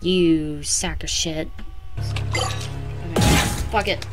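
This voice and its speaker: A woman's voice: deep voice, fairly even intonation, slow pace, low-quality recording. A woman gamer commentating her horror game run, panicking, screaming and swearing a lot. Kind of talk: let's play commentary. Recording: game music playing loudly behind.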